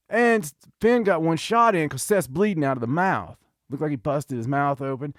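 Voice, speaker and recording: Man podcast host, animated ranter, voice a bit high, dry close sound. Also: moderate pace, hardly any pauses, no echo. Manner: animated, ranting, joking. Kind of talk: casual wrestling review chat.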